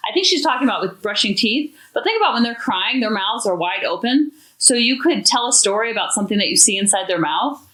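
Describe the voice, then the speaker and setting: A woman hosting a parenting podcast, talking in a chatty, animated, expressive way. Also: fairly high pitch, quick pace, hardly any pauses. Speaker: podcast host. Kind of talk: casual parenting talk. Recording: echoey room.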